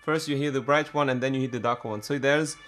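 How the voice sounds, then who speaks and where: A man's voice: mid-range voice, fairly even intonation, a bit bright, faint music behind. Hesitant man explaining drum production. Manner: halting, many fillers and restarts. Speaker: music production tutor. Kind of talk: screen-recorded software tutorial.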